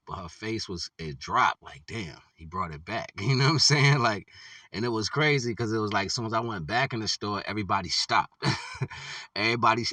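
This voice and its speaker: Low-voiced man, bright and forceful tone, easygoing storyteller who laughs a lot, mic a bit distant in a dry space. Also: dry recording. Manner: laid-back, laughs often, many "you know what I'm saying" fillers. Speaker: vlogger. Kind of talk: casual storytelling monologue.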